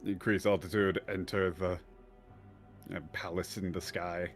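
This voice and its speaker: Lower-voiced man musing on translations. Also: little pitch movement, a little slow, soft background music. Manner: thinking aloud, hedging with fillers. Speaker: co-streamer and translator. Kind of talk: casual stream chat.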